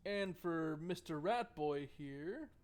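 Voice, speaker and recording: A man's voice: on the high side, expressive, slow. A man streaming a game, chatting with viewers in a joking, sarcastic way and reading the game's text aloud. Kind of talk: casual let's-play commentary, reading game text aloud. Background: faint game music.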